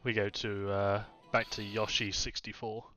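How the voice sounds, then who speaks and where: A man's voice: on the low side, level tone, normal speed, pushed and bright, faint music behind. A man playing in a tabletop game, joking around and laughing often. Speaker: player. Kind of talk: casual chat at a tabletop game.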